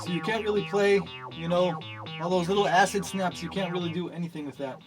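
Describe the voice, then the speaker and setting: A man giving a ranting product review. He talks loosely with many fillers and restarts, and he swings between low mutters and profane, exasperated outbursts. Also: steady tone, fairly quick, music in the background. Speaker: gear reviewer.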